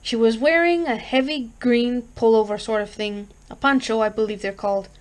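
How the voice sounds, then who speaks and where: Woman reading a scary story out loud, kinda high voice, steady and expressive. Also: moderate pace. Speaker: reader. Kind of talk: reading a horror story aloud.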